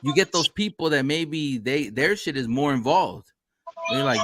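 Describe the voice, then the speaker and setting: A man's voice: mid-range voice, lively intonation, unhurried, pushed and bright, slight background noise. A man hosting a casual podcast chat, telling a profane, laughing story about his bus job. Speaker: podcast host.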